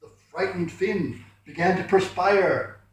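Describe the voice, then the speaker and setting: A man reads rhyming poems aloud at a poetry night, chatting modestly between pieces. His voice sits a little high for a man. He is heard from far off in a very echoey room. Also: a little slow, slight background noise. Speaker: poetry reader. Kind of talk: poetry reading with spoken asides.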